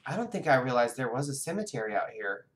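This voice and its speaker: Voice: medium pitch, big pitch swings, fast. A very tired game streamer chatting and rambling to viewers while playing live. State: very tired, sleepy. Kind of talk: live gameplay commentary. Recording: music playing behind.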